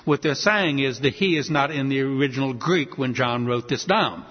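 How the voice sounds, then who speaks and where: A man preaching a sermon with emphasis, asking rhetorical questions and swinging between loud and soft. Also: mid-range voice, moderate pace. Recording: dull, echoey hall sound.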